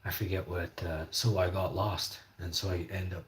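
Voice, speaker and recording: A man's voice: sits low, flat delivery, normal speed. A man casually telling a rambling personal story, full of fillers and casual swearing. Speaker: podcast host. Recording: echoey room.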